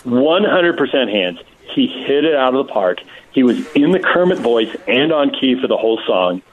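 A man calling in to a radio show, telling a story in an animated, laughing way. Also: medium pitch, normal speed. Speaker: radio show guest on phone. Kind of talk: casual storytelling. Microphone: phone. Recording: tinny phone line.

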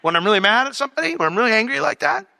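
A man teaching a Bible study in a conversational way. He acts out imagined dialogues with lively voice changes and reads scripture in a lower, softer tone. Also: very fast, creaky, dry recording, big-room sound.

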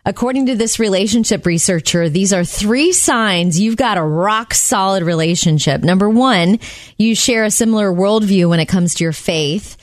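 A woman co-hosting a chatty show, telling stories in a lively, animated way. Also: medium pitch, normal speed, no room sound. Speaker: radio co-host. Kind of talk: casual chat.

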